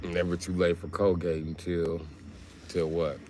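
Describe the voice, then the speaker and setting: A man, telling crude comedic stories on a livestream and swinging between loud outbursts and muttering. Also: low-pitched, little pitch movement, measured pace, a little hiss or hum. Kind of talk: rambling comedic storytelling.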